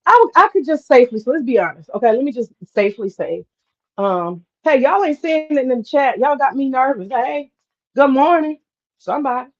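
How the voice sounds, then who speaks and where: A woman's voice: high-pitched, animated, fairly quick, muffled recording. A woman hosting a live stream, telling a story in a candid, chatty way, swearing freely and talking to the chat. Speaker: host.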